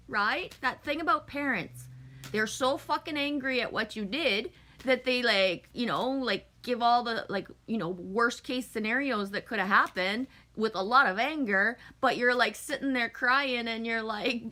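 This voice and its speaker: Woman streamer, loose and chatty, sweary, reading out comments, bright voice. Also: on the high side, normal speed. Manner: chatty, swears often, sometimes refers to herself as "me". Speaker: live streamer chatting with viewers. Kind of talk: casual live-stream chat.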